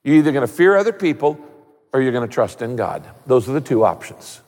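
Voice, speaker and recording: A man preaching a sermon as a pastor, conversational and animated, with humor. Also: mid-range voice, brisk, big-room sound.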